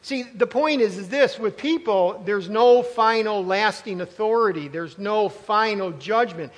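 A man's voice: high-pitched, measured pace. A man preaching a sermon as pastor, emphatic and conversational, repeating words for stress and adding asides. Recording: long hall reverb.

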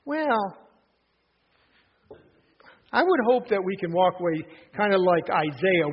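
Husky high-voiced preacher, lo-fi sound. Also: male voice, sing-song. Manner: earnest preaching with frequent restarts and emphatic pauses. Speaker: pastor. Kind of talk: sermon.

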